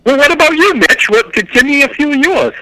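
High-voiced, bright, eager man. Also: very animated, brisk, no echo, poor audio. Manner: enthusiastic, rambling, self-correcting. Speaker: podcast co-host. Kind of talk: casual chat about comics.

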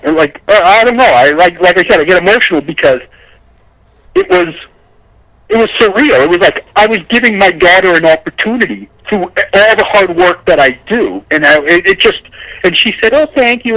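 Excitable high-voiced man rambling. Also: no room sound, rough recording. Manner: rambling, repeats words, gets emotional. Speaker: podcast co-host, agent. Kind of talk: casual chat.

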